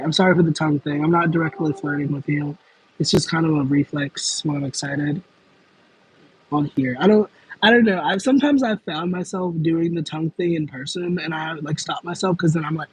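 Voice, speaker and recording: A man's voice: on the high side, a little fast, slightly rough, rough recording. A young man chatting casually on a livestream, answering viewer comments in a rambling, self-aware way. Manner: rambling, self-aware, with frequent fillers and laughs. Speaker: livestream host.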